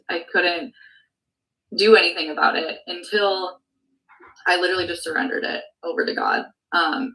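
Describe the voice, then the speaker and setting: A woman sales producer gives candid testimony on a team call, her voice on the low side, bright and forceful. She's earnest and emotional, close to tears at times, and leans heavily on "like" and "um." She's far from the mic and the recording quality is low.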